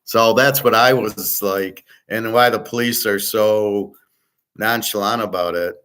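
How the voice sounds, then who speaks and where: A man's voice: lowish voice, fairly even intonation, measured pace, fairly bright tone, clean tone. A man hosting a show, talking in a blunt, rambling way, with frequent restarts and swearing. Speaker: host. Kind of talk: casual rambling chat.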